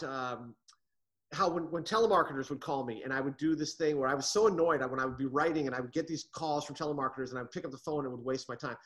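A middle-aged man from the United States, a comedy writer and interview guest, who tells stories in an animated way with frequent restarts. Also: medium pitch. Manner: animated storyteller, restarts often. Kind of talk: casual interview.

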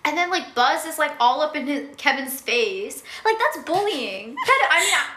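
A high-voiced young woman chatting casually as a podcast co-host. She talks in an animated, chatty way and laughs often. Her voice is bright, and the room around her is echoey. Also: moderate pace. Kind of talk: casual chat.

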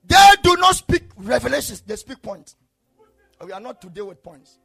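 A male preacher delivering an impassioned sermon, swinging between shouted declarations and low murmurs. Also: sing-song, normal speed, vocal fry, husky, soft background music.

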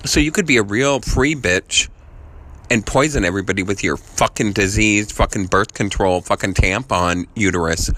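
A man leaving a voice message, ranting angrily, swearing constantly and jumping from idea to idea, his voice repeatedly jumping higher and louder. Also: moderate pace. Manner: angry, swearing constantly, jumping between ideas; voice repeatedly jumps higher and louder mid-rant. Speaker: voice message sender. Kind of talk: profane rambling rant.

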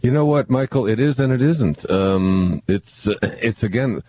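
A man's voice: mid-range voice, lively intonation, a little mellow, no room sound, lo-fi sound. A man explaining spiritual ideas in a reflective conversational way, stumbling and repeating words as he thinks aloud into a handheld microphone. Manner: halting, many restarts and repeated words. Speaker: guest speaker on spiritual living.

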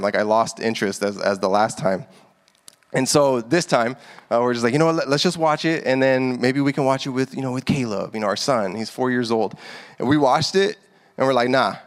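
Pastor in a reverberant hall. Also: male voice, medium pitch. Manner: conversational, animated, builds to heated emphasis. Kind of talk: casual sermon. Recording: echoey hall with long reverb.

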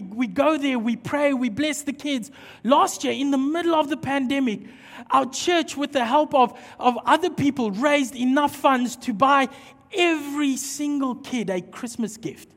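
A man preaching a sermon and telling a story, acting out dialogue in an animated way. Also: very high voice. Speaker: pastor. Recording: long hall reverb.

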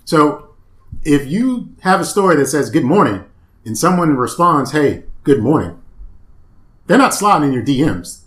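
A man's voice: a little high, sing-song, moderate pace, fairly bright tone, roomy sound. A man co-hosting a casual chat, explaining things in a patient, matter-of-fact way. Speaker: podcast co-host.

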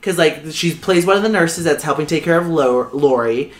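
Low-voiced woman in chatty podcast banter. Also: moderate pace, reverberant. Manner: animated, dramatic storytelling with loud laughs. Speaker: podcast co-host. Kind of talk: casual chat.

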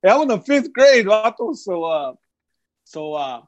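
A young man telling a story on a casual podcast, animated and slangy, always saying "bro". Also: high voice, measured pace. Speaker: podcast guest. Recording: dull lo-fi sound.

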